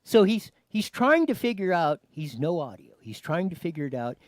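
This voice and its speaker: A man's voice: a little high, moderate pace, dry recording. A man hosting a news show, commenting on a clip and giving cues to his producer. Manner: animated, talks to his producer, many restarts.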